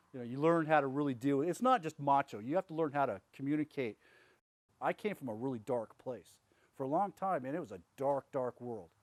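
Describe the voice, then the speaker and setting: A man's voice: medium pitch, no room sound. A man telling his own story as a veteran, in a blunt, plain-spoken way with many fillers. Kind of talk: candid personal testimony.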